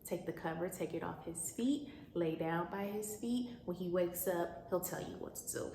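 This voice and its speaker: A woman's voice: on the low side, moderate pace, mellow, lightly acted. Woman doing a bossy older woman, scolding and scheming; roomy sound with a faint hum. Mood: hushed. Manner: blunt, scolding, sassy.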